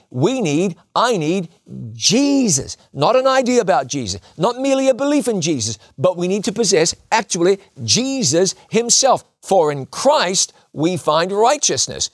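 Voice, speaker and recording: A man preaching a sermon in an emphatic way, repeating lines for stress and slowing on key words. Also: high voice, no room sound, studio quality.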